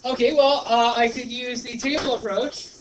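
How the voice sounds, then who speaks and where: A male teacher working through a problem step by step in a classroom lesson, chatty and thinking out loud. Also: extremely high pitch, steady tone, normal speed. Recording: noisy classroom recording.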